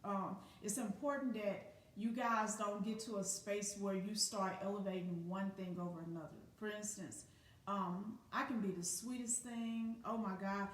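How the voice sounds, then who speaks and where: A woman's voice: medium pitch, steady tone, normal speed. Blunt, profane woman in an echoey room. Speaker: spiritual teacher. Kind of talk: casual motivational talk. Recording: echoey room, distant from the mic.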